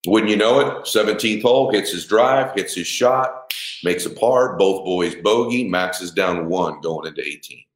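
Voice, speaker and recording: This middle-aged dad tells his own story emphatically at a normal speed, recorded in an echoey room. Along the way he swears, plays out the dialogue and raises his voice to a shout at the peaks.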